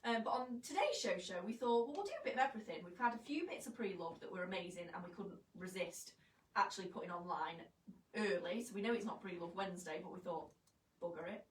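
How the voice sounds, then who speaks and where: A woman's voice: lowish voice, animated, fast. Chatty woman presenting fashion live. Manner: chatty, jokey and self-mocking. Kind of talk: live fashion vlog chat. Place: shop studio, indoors. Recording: roomy, distant, faint background hum.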